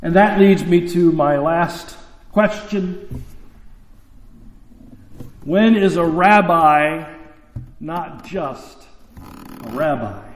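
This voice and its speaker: A man's voice: on the high side, extremely slow, pauses often, echoey room, big-room sound, low-quality recording. A man giving a conversational sermon who often puts questions to his listeners. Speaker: preacher.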